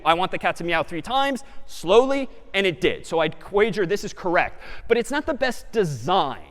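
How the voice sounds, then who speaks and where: Lively guy lecturing with a high bouncy voice, echo of a big hall. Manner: lively and animated, thinking aloud. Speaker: computer science lecturer. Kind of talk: live lecture with demo. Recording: lecture hall with long reverb.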